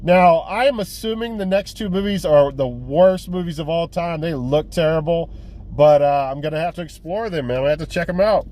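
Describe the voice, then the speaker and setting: A young man with a somewhat high voice rambles casually about films he collects. He swears freely and keeps restarting his sentences with "uh" and "man." The tone is loose and unscripted, a vlogger talking off the cuff. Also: normal speed, darkish tone. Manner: profane, rambling, lots of fillers and restarts. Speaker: physical media collector vlogger. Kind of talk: casual rambling movie review.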